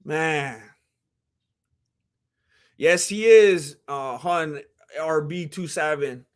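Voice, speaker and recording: A man hosting a livestream, chatting casually and reacting to chat in an animated, rambling way. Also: a little high, extremely slow. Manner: animated, rambling, jumps into voices. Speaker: livestream host.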